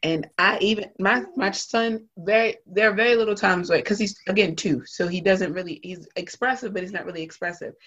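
A woman's voice: medium pitch, fairly quick, few pauses, fairly bright tone, dull audio. A woman talking candidly and emphatically in a casual conversation, blunt and swearing freely.

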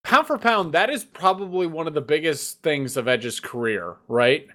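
Male co-host, bright tone, slightly high pitch, enthusiastic casual swearing. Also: expressive, normal speed. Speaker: podcast co-host. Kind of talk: casual chat.

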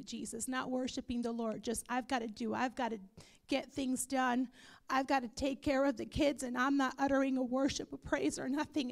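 Woman pastor, fervent sermon, high and gravelly, measured delivery. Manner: fervent, breaks into whispered prayer. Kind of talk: sermon and prayer. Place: church.

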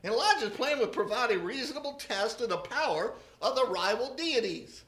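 Preacher, sermon, humorous storytelling, lively pitch, roomy church echo. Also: a little fast.

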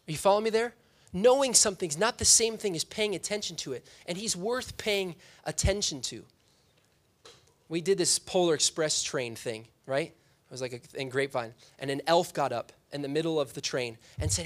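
Young guy pastor talking casual in church, kinda high voice, jokey, keeps asking "right?". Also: expressive, moderate pace. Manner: chatty, self-deprecating, frequent "right?" asides. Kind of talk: casual conversational sermon. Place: church sanctuary.

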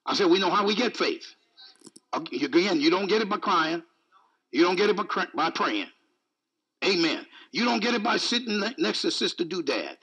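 A man's voice: high voice, very animated, moderate pace, pushed and bright, breathy edge, rough recording. A male preacher giving an emphatic, repetitive sermon, mixing in jokes.

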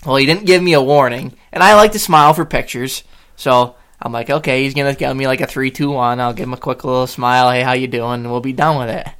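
A young man casually telling a story to his co-hosts, acting out quotes with lively jumps in voice and frequent laughs. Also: medium pitch, quick pace, clean tone. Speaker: podcast co-host.

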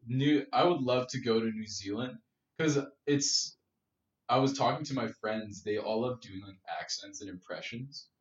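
A Canadian man chatting on a podcast, laughing along and trying out quick impressions. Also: medium pitch. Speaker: podcast co-host. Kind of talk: casual chat. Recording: roomy and dull-sounding.

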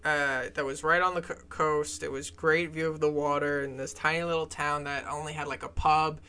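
A man's voice: a little high, little pitch movement, normal speed, pushed and bright, clear, resonant tone. A man co-hosting a podcast, telling a long story in casual chat with many fillers. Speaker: podcast co-host.

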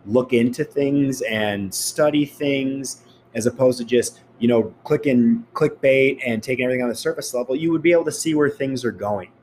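A man's voice: medium pitch, a little mellow, slight background noise. A man giving a blunt, profane motivational rant, speaking straight to his listeners.

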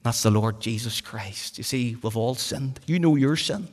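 A man preaching a sermon, fervent, swinging from loud exhortation to hushed pleading. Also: mid-range voice, normal speed. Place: church hall. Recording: hall reverb.

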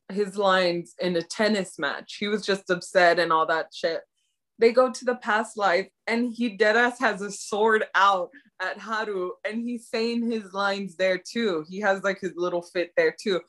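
Excitable young woman recapping a drama. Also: medium pitch. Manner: excitable, slangy, retells scenes. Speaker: podcast co-host. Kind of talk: casual chat recapping a drama.

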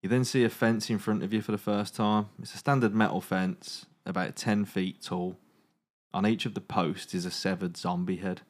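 A man's voice: on the low side, steady tone, normal speed. A man hosting a comedy podcast, reading a choose-your-own-adventure story aloud with dramatic narration broken by jokes.

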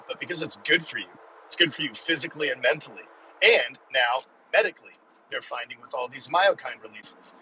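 A man's voice: medium pitch, pushed and bright, recorded from a distance, dull audio, slight background noise. Rambling, self-deprecating man talking in his car. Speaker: podcast host. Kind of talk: casual solo podcast monologue.

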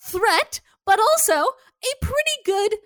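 A woman's voice: extremely high pitch, big pitch swings, takes it slowly, a bit bright, dry recording, clean studio sound. A woman co-hosting a casual TV recap podcast, chatty and swearing freely as she acts out lines from the episode. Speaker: podcast co-host.

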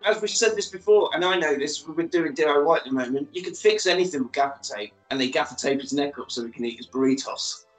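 A man's voice: on the high side, fast talker, few pauses, reverberant, soft background music, poor audio. Man retelling a film. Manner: storytelling, acting out characters' lines. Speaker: podcast co-host. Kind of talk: casual film recap.

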